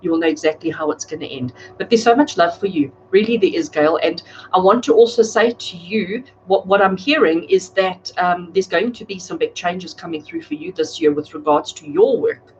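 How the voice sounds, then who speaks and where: Chatty low-voiced woman reading tarot live. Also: lively intonation, moderate pace, lo-fi sound, a little hiss or hum. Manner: warm, chatty, addresses viewers by name. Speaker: tarot reader. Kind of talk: live-streamed psychic reading. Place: home, speaking live to a camera.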